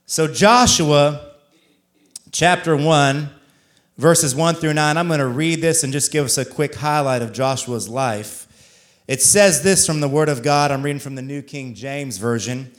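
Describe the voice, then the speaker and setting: A male pastor preaching a sermon, reading scripture aloud in a measured cadence and driving points home with repeated rhetorical questions. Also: a little high.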